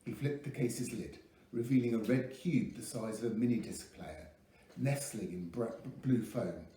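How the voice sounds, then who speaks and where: A man reading a novel aloud with lively expression. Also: mid-range voice, moderate pace, a little hiss or hum. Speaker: audiobook reader. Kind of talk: scripted narration. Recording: echoey room, mic at a distance.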